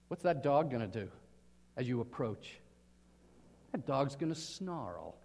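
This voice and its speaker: High-voiced preacher in an echoing hall. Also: male voice, sing-song, unhurried. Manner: earnest preaching, asks the listeners questions. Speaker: pastor. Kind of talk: sermon. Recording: reverberant hall.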